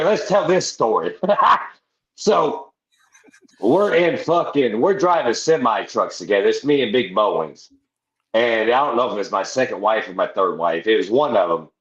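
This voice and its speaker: Profane man telling a rowdy story. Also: medium pitch. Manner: profane, rambling anecdote with laughs. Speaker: podcast guest, army veteran. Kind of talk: casual storytelling. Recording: roomy, slightly dull sound.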